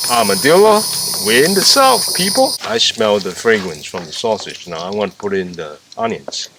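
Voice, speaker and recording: A man vlogging casually while cooking outdoors at a campground, rambling and restarting his sentences, sometimes stepping away from the camera. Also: fairly low pitch. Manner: rambling, chatty, trails off and restarts. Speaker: camping vlogger. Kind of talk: casual vlog, cooking talk. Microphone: camera, at times several meters away. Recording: outdoor camera audio with clear insect noise.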